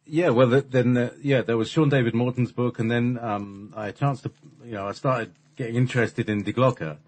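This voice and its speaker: A man's voice: mid-range voice, fairly even intonation, normal speed, darkish tone, husky. A man chatting casually and rambling, full of fillers and restarts. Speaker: channeler and voice performer. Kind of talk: casual conversation.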